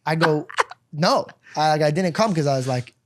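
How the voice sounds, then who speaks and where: A man with a high voice tells a story in casual podcast banter. He is animated and laughs often, with plenty of slang. The studio mic sounds close and dry. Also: normal speed, no room sound. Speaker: podcast co-host.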